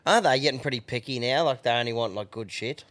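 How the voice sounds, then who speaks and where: A man's voice: mid-range voice, quick pace, a bit bright, no echo. An Australian man co-hosting a podcast, chatting casually with some swearing. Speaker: podcast co-host.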